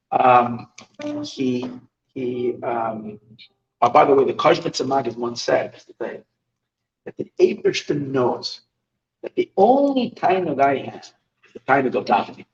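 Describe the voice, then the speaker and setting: Man, rabbi, storytelling lesson, halting, dull distant recording. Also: mid-range voice, lively intonation. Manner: halting, many restarts. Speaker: rabbi teaching. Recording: dull recording, far from the mic.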